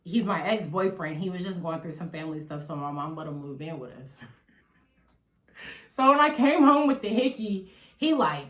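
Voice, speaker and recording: A woman in her twenties, a vlogger telling a personal story in a chatty, animated way, swearing freely and talking straight to her viewers. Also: fairly low pitch, normal speed. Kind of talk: casual storytelling to the camera. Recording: echoey room.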